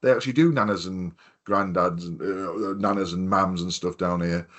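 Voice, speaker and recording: A man's voice: sits low, normal speed, a bit bright. A man with a Hartlepool accent from North East England, hosting a casual podcast and telling long, rambling stories with plenty of swearing. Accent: North East English, Hartlepool. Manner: rambling anecdotal storyteller, swears freely. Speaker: podcast host. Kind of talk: casual chat.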